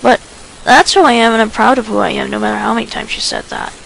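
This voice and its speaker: An eager, friendly teenage boy who loves games and explains them earnestly, as a woman reads him. The voice is somewhat high and heavily gravelly. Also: fairly even intonation, fast, fairly bright tone, slight background noise, low-quality recording.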